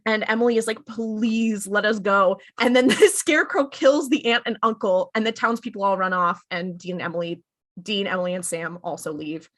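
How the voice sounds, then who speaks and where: A woman's voice: mid-range voice, fairly bright tone. Chatty woman recapping an episode. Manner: chatty, acts out characters in quick paraphrase. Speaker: podcast co-host.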